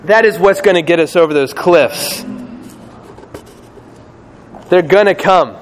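A man preaching a sermon in a lively, casual way, acting out quoted voices with slang. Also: high-pitched, measured pace, slight background noise. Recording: long hall reverb, faint ambience.

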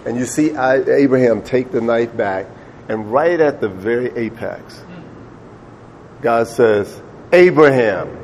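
A man's voice: lowish voice, darkish tone, slight background noise. A man preaching a sermon, retelling a story in a conversational way and repeating words when he gets emphatic.

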